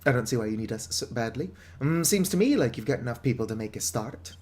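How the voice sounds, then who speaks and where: A man's voice: mid-range voice, lively intonation, fast, hardly any pauses, a little mellow. Joking man commenting on gameplay. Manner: joking, wry asides. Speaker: gaming video host.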